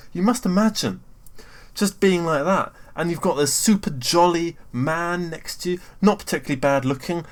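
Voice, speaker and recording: A young adult man with a British accent giving a casual, rambling rant. He swears freely, fills gaps with "um", breaks off his own sentences and keeps bouncing up into excited bursts. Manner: rambling and sweary, with frequent fillers and self-interruptions; excitable, often jumping up in pitch and loudness. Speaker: vlogger.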